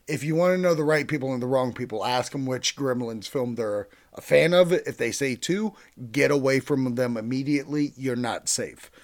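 A young man chatting casually about films and TV, rambling and excitable, with swearing, fillers, loud bursts and mumbled asides. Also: mid-range voice. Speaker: pop-culture reviewer. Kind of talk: casual chat.

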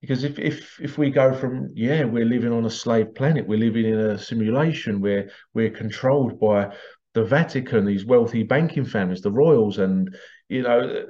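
A man's voice: medium pitch, normal speed, mellow. Rambling man, dull lo-fi audio. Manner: rambling, repeats words, chuckles between points. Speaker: vlogger. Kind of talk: casual monologue to viewers. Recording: dull lo-fi sound.

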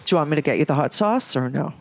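A man's voice: a little high, animated, very fast, vocal fry, dry recording. A man co-hosting a live show, playfully teasing the host from a little away from the microphone. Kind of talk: casual banter on a live show.

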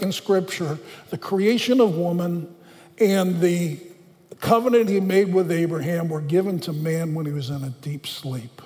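A man preaching a conversational sermon in a church, slowing down to read scripture aloud. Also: very high-pitched, in a large hall. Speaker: pastor.

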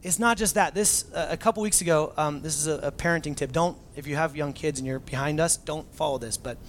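A man's voice: fairly high pitch, brisk, slight background noise. A man in his thirties, a pastor, preaching a sermon in a casual, self-mocking storytelling way with plenty of fillers.

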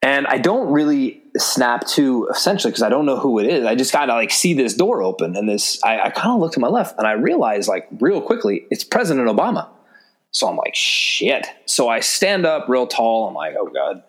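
A man's voice: medium pitch, sing-song, a little fast, few pauses. Laid-back man telling stories. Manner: loose and chatty, many fillers and frequent swearing. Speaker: podcast guest, former special agent. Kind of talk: casual storytelling.

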